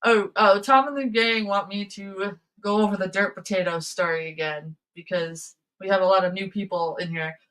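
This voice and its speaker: A woman's voice: mid-range voice, steady tone, normal speed, few pauses, fairly bright tone, clear, resonant tone, rough recording. A woman hosting a casual livestream, telling rambling stories and laughing often. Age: adult, past high school. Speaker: livestream host. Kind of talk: casual chat with viewers.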